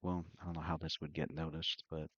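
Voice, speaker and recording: A man's voice: rumbling low, level tone, brisk, a bit bright, no room sound, highs cut off. A man narrating as game master for an online tabletop game, hesitant and searching for words.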